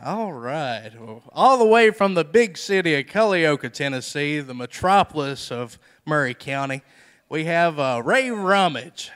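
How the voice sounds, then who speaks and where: A man's voice: a little high, animated, unhurried, a bit bright, smooth. A man with a Southern US accent, emceeing a live storytelling contest in a jokey, announcer-like manner. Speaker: contest host.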